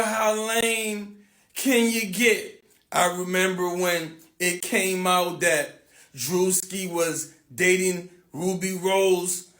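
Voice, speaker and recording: A man's voice: high-pitched, fairly bright tone, roomy sound. A man giving mocking gossip commentary in a drawling way.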